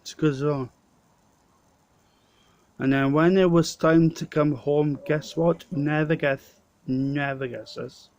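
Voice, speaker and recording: A man's voice: fairly high pitch, steady tone, slow, long pauses, a little mellow. A Welsh man with a stutter, telling a rambling holiday story to camera in a pub. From Wales. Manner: stuttering, rambling, self-correcting. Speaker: vlogger. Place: local pub.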